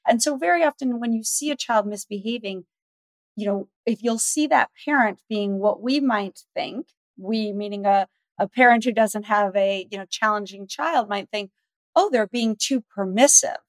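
A middle-aged woman speaking as the expert guest on a parenting podcast, telling stories lively and acting out the dialogue. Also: medium pitch, moderate pace, no echo. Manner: animated storyteller, acts out dialogue. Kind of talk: podcast interview.

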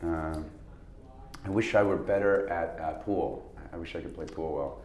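A man's voice: sits low, moderate pace, a little mellow, reverberant. A man, an actor guest, telling rambling, self-deprecating stories in a casual interview. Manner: rambling, self-deprecating storyteller, laughs often.

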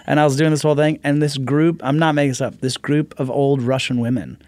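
A man guest author chatting in a casual interview, playful and animated as he tells stories. His voice sits mid-range and sounds close and dry, with no room echo. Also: mid-range voice, fast talker.

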